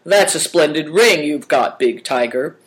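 A reader gives a gruff, scheming bearded man a growling, cross delivery that comes out louder than the narration. The voice stays near the reader's own pitch. It sounds like someone hiding bad temper behind forced friendliness. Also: animated, a little slow, poor audio.

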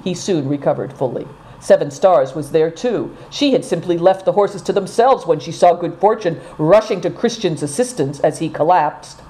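Woman storybook narrator; low, mellow, very animated reading. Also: normal speed. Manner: expressive, dramatic reading. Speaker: audiobook narrator.

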